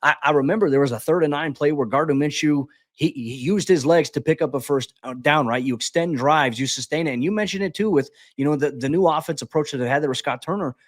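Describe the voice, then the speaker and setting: A man talks football at a brisk clip, previewing a game as a podcast co-host. His delivery is animated and full of quick restarts and "hey" asides. The sound is dry and close, with little room tone. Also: a little high, no room sound. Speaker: beat reporter and podcast co-host. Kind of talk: sports podcast preview talk.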